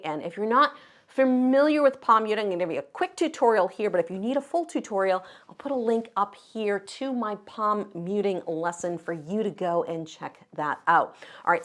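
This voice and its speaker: A woman's voice: medium pitch, a bit bright. A woman teaching guitar, explaining step by step in an encouraging, friendly way. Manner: encouraging, explains step by step while counting beats. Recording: guitar music behind the voice. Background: her own acoustic guitar playing.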